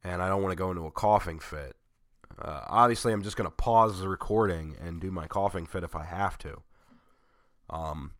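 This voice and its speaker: A man's voice: sits low, no echo, clean studio sound. A man with a cold, voice strained, chatting casually in a sarcastic, rambling, self-mocking way. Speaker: vlogger. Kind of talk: casual chat.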